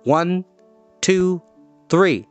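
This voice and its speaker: A man's voice: high voice, very slow, no echo, muffled recording, soft background music, pitched above the performer's own voice. A storyteller voicing a stern middle-aged father who gives firm, commanding orders.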